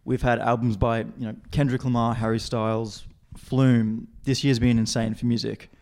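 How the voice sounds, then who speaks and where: A man's voice: medium pitch, little pitch movement, moderate pace, a little mellow. A young man hosting a casual interview chat, upbeat and friendly. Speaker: podcast host.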